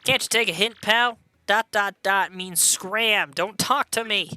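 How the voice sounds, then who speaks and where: A man's voice: high-pitched, measured pace, bright, forceful tone, no room sound, pitched above the performer's own voice, heavily acted. A man voicing a rude, grumpy male townsman in a game, curt and dismissive. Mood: irritated. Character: rude grumpy townsman who wants to be left alone.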